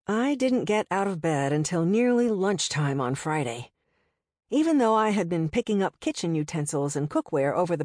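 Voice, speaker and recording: A woman reading a novel aloud in the first person, in a steady, conversational storytelling manner. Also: fairly low pitch, no room sound, studio quality. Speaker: audiobook narrator.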